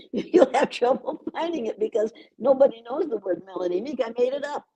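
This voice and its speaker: Older woman, american, husky, mellow tone, emphatic, repeats words. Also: on the high side, lively intonation, a little fast, lo-fi sound. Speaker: guest educator. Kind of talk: conversational interview.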